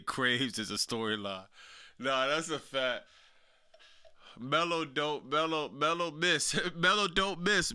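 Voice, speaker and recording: A young man casually reacting to wrestling news, slangy and animated, laughing often. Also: mid-range voice, clear, resonant tone. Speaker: wrestling commentary streamer.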